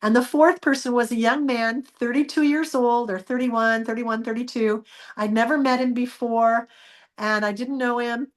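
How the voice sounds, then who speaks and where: A woman telling a personal story as a guest, acting out the dialogue with lively changes of voice. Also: on the high side, normal speed. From United States. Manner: animated, acts out quoted dialogue.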